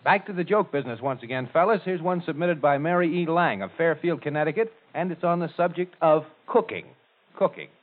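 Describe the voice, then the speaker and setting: A man hosting a 1940s radio comedy panel show, brisk and jovial, chuckling as he moves the show along. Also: a little high, animated. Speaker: quiz show host. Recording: tinny old radio broadcast with studio audience.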